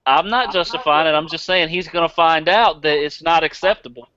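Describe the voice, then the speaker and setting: A man's voice: a little high, fairly quick, bright, forceful tone, lo-fi sound. A man with a Southern accent hosting a casual podcast, blunt and profane, laughing easily. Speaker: podcast host.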